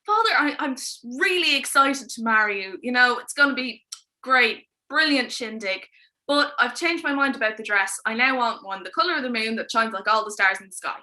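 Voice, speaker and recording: A woman's voice: fairly high pitch, lively intonation, moderate pace, sharp tone. A woman voicing a sly young princess who coaxes in a fake-sweet way. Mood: wheedling.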